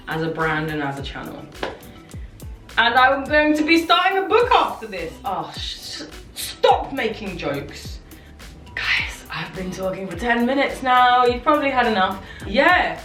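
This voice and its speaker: Low-voiced woman, candid vlog. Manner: rambling, candid, self-reflective. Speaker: content creator. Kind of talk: casual confessional vlog. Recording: echoey room, distant mic, soft music.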